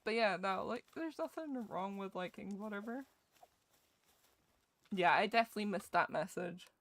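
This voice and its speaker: A woman's voice: medium pitch, lively intonation, normal speed, a bit bright, no echo. A young woman streaming a game and chatting casually with her viewers, giggling and swearing freely while sounding ill with a cough.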